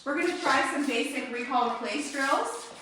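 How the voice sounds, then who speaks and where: A woman with a high-pitched voice, speaking at normal speed, runs an indoor dog training demonstration, calmly explaining drills before issuing short, crisp commands to the dog. Background noise is present, and she sounds far from the mic in a very echoey room.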